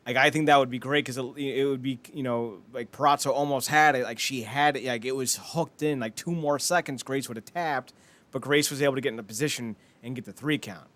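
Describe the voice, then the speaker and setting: A man's voice: medium pitch, fairly even intonation, a little fast, a bit bright. Man chatting eagerly, many "like"s. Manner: eager, filler-heavy talk with quoted asides. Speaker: podcast co-host. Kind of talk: casual chat.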